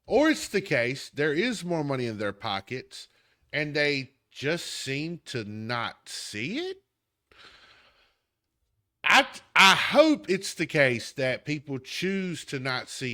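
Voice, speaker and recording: A man's voice: fairly high pitch, big pitch swings, slow, sharp tone. A man with a Southern accent hosting a podcast, delivering an emphatic, heated political commentary rant straight at the listener. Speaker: podcast host.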